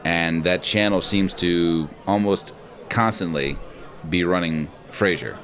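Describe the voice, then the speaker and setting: A man's voice: deep voice, slow pace, a bit bright, a faint crowd. A man co-hosting a podcast in casual chat, swearing freely and laughing often. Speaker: podcast co-host.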